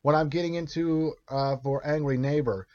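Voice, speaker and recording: A male voice actor talking in a casual interview, joking and animated, often stopping to search for words. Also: a little high, moderate pace, muffled recording.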